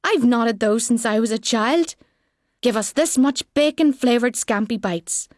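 A woman's voice: fairly high pitch, a little slow, dry recording, studio quality, lightly acted. A woman voicing a friendly young man from Belfast with a broad Belfast accent and a bantering manner. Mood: mock incredulous. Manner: broad, mock-incredulous banter.

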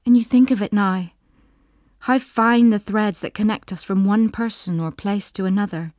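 A woman narrating a quiet second-person story in a soft, intimate voice of middle pitch. She sometimes sinks to a near whisper on tender moments. The recording is dry and close, with no room sound. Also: normal speed, no echo.

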